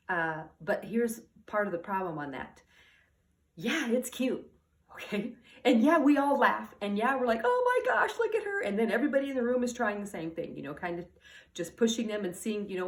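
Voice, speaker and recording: A woman's voice: a little high, a little mellow. Chatty woman giving parenting advice. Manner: rambling, restarts sentences, checks in with "okay?" and "all right?". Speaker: parenting coach. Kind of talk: casual advice monologue.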